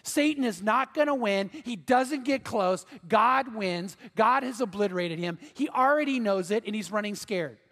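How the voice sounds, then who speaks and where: A man delivers an earnest, emphatic sermon, pressing his points home by repeating them. His voice sits high for a man, and it rings out with the long reverb of a church hall. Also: animated, moderate pace, hardly any pauses, fairly bright tone. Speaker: pastor.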